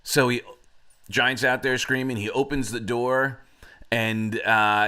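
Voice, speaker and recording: Bright-voiced man giving a motivational talk. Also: medium pitch, fairly even intonation, slow pace, clear, resonant tone. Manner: reflective, with many fillers. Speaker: host.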